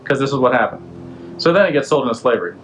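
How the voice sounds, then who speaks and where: A man's voice: medium pitch, sing-song, very fast, a bit bright, slight background noise, low-quality recording. Man casually retelling a Bible story. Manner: conversational, loose, slangy, asks the listener questions. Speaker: podcast host.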